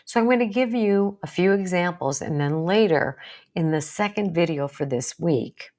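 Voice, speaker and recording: A woman's voice: on the low side, animated, normal speed. A middle-aged woman psychologist teaching an online course, coaching her viewers and acting out example sentences. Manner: warm coaching, acts out example lines. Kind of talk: instructional talk to camera.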